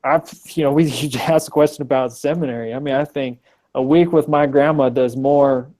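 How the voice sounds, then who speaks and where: A man in his thirties telling a personal story as a guest in a casual video-call interview, animated, with frequent ums and restarts. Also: mid-range voice, normal speed.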